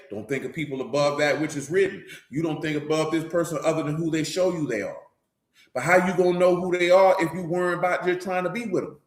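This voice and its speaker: A man preaching a sermon in blunt, scolding street talk, calling his listeners out to their faces. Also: sits high. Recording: echoey room.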